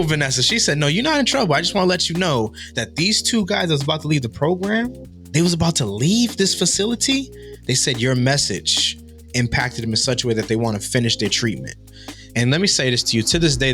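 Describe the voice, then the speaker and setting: A young man in his twenties telling a personal faith story in a lively, animated way, acting out the dialogue. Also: medium pitch. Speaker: guest storyteller. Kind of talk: testimony story.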